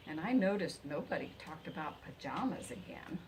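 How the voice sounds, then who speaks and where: A woman reading a children's picture book aloud in an expressive way. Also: low voice, normal speed, background noise. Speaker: reader. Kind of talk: storybook read-aloud.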